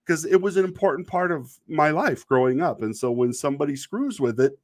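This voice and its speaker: A man's voice: a little high, animated, brisk, few pauses. Rambling, wry middle-aged man. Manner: rambling, wry and exasperated, laughs at himself. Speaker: video podcast host. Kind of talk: casual monologue about online commenters.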